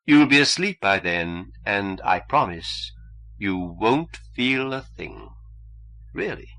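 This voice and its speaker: A man reading an audiobook and voicing a treacherous male cultist who talks in a calm, mild, falsely reassuring way. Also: on the low side, takes it slowly, creaky, full character voice, poor audio. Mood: soothing.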